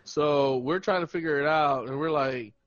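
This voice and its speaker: A podcast host with a fairly high voice tells a funny story at normal speed during casual chat, animated and laughing as he acts out what people said. The recording sounds muffled.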